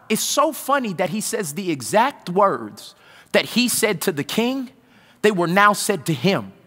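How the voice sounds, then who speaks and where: A man delivering a sermon, his voice high and sharply bright. He swings wildly in pitch, bursting into loud peaks and then dropping to hushed, low lines. The sound rings with the long reverb of a big church hall. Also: very animated, unhurried. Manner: preaching with sudden loud outbursts and hushed low passages. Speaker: pastor.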